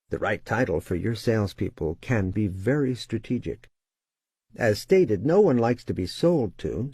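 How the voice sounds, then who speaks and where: A man's voice: on the low side, dark tone, breathy edge, dry recording, clean studio sound. A man narrating a sales lesson in an assertive, emphatic way, acting out short phone dialogues. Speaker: sales trainer. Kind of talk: audiobook-style instructional narration.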